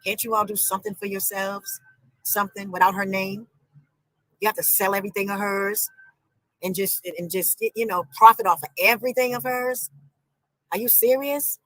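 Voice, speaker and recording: A woman's voice: mid-range voice, fairly even intonation, normal speed, fairly bright tone, no echo, poor audio. A woman speaking indignantly about her family, repeating words for emphasis. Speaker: family member of a late singer.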